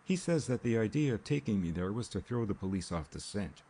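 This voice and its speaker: A man voicing a gentle, caring young woman. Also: fairly low pitch, expressive, fairly quick, husky. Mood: earnest. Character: young woman, composed yet caring fiancée.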